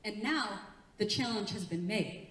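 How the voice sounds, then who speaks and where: On a theatre stage before an audience, a young woman performs live stand-up, chatting, laughing often and working the crowd. Her medium-pitched voice is expressive, unhurried and fairly bright. The audio is echoey and heard from a distance.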